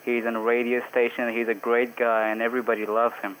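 A man's voice: medium pitch, level tone, fast, fairly bright tone, rough recording. A man from India calling in to a radio show by phone, talking hesitantly with many fillers and frequent laughs. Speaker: caller. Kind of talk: call-in radio chat. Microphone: phone line.

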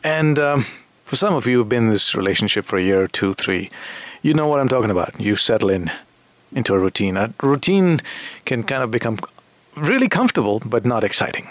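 Lively chatty male radio host. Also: medium pitch, fairly quick, dry recording. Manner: laughs often, chatty and teasing. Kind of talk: casual radio talk show chat.

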